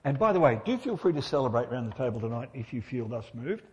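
A man's voice: mid-range voice, sing-song, fast talker, a little mellow, big-room sound. A middle-aged man preaching a sermon in church, conversational and humorous, often asking his listeners rhetorical questions.

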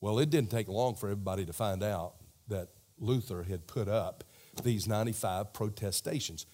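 A man preaching a sermon as animated storytelling, talking directly to the crowd. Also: fairly low pitch, moderate pace, slight background noise.

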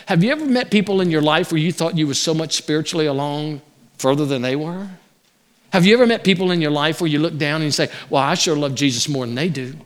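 A man preaching a sermon as pastor, animated, acting out the words of people in the story. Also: fairly high pitch, fast.

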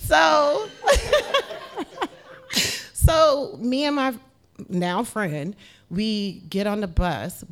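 A woman from the United States telling a personal story on a podcast, animated, swearing freely and laughing as she goes. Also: fairly low pitch. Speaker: podcast guest. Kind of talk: casual storytelling.

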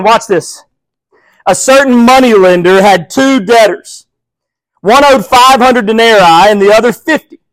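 High-voiced impassioned pastor preaching. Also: male voice, dry recording, poor audio. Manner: impassioned, swings from loud emphasis to hushed quoting. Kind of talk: sermon.

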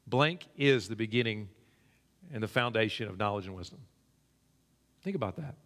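A man preaching a sermon in a conversational way, his pitch climbing when he stresses a point. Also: fairly bright tone. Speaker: pastor. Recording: long hall reverb.

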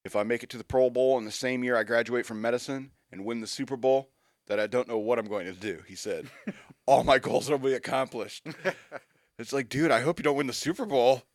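A man's voice: mid-range voice, fairly quick, dry recording, clean studio sound. A man hosting a radio show, reading news items aloud and adding wry, joking asides in casual banter.

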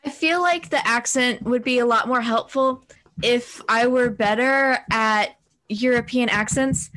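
A woman's voice: on the high side, fairly bright tone. Rambling self-deprecating woman. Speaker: podcast co-host. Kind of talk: casual chat.

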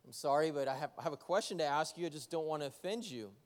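A man's voice: a little high, quick pace, close to an everyday voice. A man voicing a hesitant, apologetic young driver in a joke. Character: nervous young male ride-share driver. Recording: long church hall reverb.

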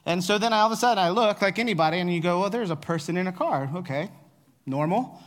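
A man preaching a sermon, telling a personal story in an animated, self-deprecating way. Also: high voice, fast talker, big-room sound. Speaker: pastor.

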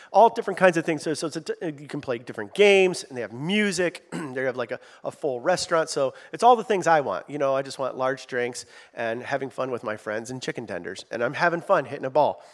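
A middle-aged man preaching a sermon in a lively, conversational way, with asides to his congregation. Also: medium pitch, fast. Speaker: pastor.

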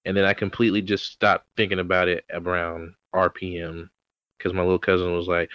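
A man's voice: low-pitched, brisk, fairly bright tone, no echo, dull audio. A man co-hosting a podcast, rambling in casual chat about old TV shows. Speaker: podcast co-host.

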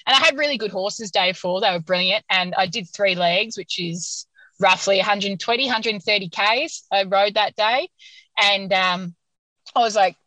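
A woman guest on an interview podcast, telling a story in an animated, casual way and laughing often. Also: medium pitch, dry recording, low-quality recording.

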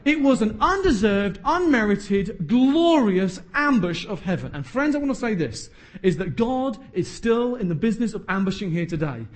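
A man's voice: high-pitched, sing-song, normal speed. A man, preaching a sermon emphatically with joking asides. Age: 30s.

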